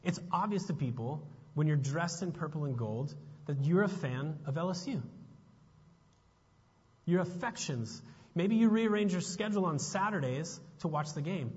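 A man preaching a sermon as a pastor, moving between relaxed chat and pointed, emphatic questions. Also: a little high, moderate pace, slightly rough. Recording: muffled sound with long reverb.

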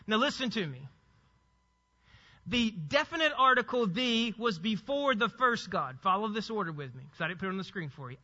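A man preaching a sermon as pastor, explaining a point with emphatic stresses and sudden low asides. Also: sing-song, moderate pace. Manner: emphatic teaching, swinging between loud stresses and low asides. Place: church sanctuary. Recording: long hall reverb, dull sound.

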